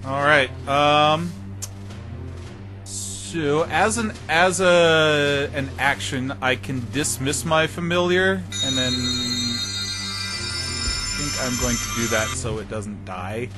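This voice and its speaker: A man's voice: medium pitch, takes it slowly, over music. A man playing in a tabletop game, reasoning things out with a few hesitant restarts. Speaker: player. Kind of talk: tabletop role-play chat.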